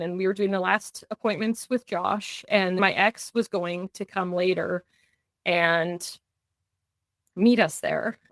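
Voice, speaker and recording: A woman's voice: mid-range voice, dry recording. Woman, middle-aged, podcast guest, personal storytelling, earnest, fillers and restarts, dry sound. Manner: earnest recounting, slipping into quoted dialogue; restarts and fillers when tense.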